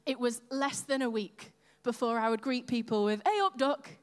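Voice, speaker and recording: A woman's voice: on the high side, fairly even intonation, normal speed, clear, resonant tone. A woman church leader giving a chatty, self-deprecating sermon from a church stage and talking with the congregation. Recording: long hall reverb.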